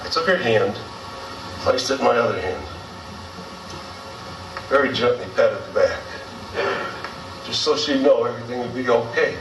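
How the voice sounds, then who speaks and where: A man performs a theatrical monologue in a gentle, measured voice, pausing between phrases. He is recorded live in a theater from a distance, so the sound is roomy, with clear background noise. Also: medium pitch. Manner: gentle, measured storytelling with pauses. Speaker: stage performer. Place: theater stage.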